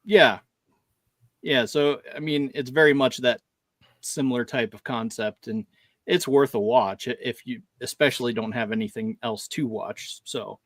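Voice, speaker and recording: A man's voice: medium pitch, unhurried, a bit bright, no room sound, clean studio sound. A man co-hosting a podcast in casual chat, rambling along, laughing often and acting out lines he quotes. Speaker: podcast co-host.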